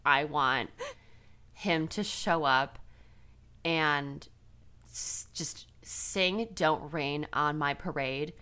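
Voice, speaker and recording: A woman's voice: sits low, extremely slow, pauses often, bright, forceful tone, smooth. A young woman co-hosting a podcast, chatting casually with playful, overstated enthusiasm. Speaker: podcast co-host. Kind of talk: casual chat.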